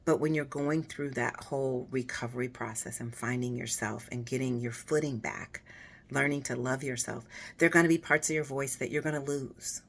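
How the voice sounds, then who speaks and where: Husky, raspy-voiced woman chatting casually. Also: rumbling low, fairly even intonation. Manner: warm, personal, unhurried with fillers. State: hoarse after voice surgery. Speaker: vlogger. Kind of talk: casual encouraging talk to viewers.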